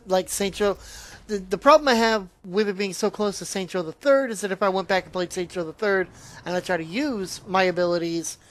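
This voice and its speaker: A man's voice: high-pitched, normal speed, fairly bright tone. A man giving a casual, rambling spoken review of a video game, often trailing off and restarting his sentences.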